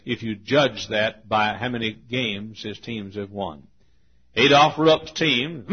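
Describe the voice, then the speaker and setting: Husky-voiced man preaching a story. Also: mid-range voice, muffled recording. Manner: clears throat often, restarts phrases, slows down for emphasis. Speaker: pastor. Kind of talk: sermon storytelling.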